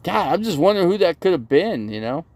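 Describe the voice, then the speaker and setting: A man's voice: fairly high pitch, big pitch swings, fast, darkish tone, dry recording. A man on a casual live stream, rambling as he reads viewer comments aloud and answers them, outdoors near a busy road. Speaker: RV channel livestreamer.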